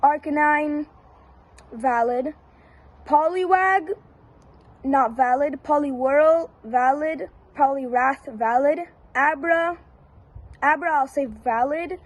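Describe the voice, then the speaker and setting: A woman giving casual one-word verdicts down a long list, flat and repetitive with brief hesitations. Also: high voice, slow pace, pauses often, low-quality recording. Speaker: YouTuber.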